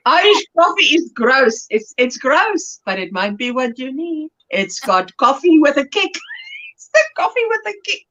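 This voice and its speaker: Giggly South African woman with a high voice. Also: huge pitch swings, unhurried, fairly bright tone, highs cut off. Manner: giggly, playful, chatty. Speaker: crochet livestream host. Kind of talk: casual chat reading viewer comments.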